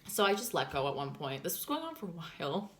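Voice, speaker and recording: A young woman tells a story to camera in a loose, rambling chat, piling on fillers and the odd swear word. Her voice sits a touch lower than most women's. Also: very animated, fast talker. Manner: chatty, filler-heavy with constant "like", swears and laughs. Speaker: vlogger.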